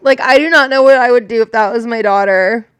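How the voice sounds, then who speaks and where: A woman's voice: on the high side, fairly quick, clean tone, dry recording. A young adult woman who is a storm chaser, talking candidly and emotionally in a casual reaction chat, swearing and using lots of fillers.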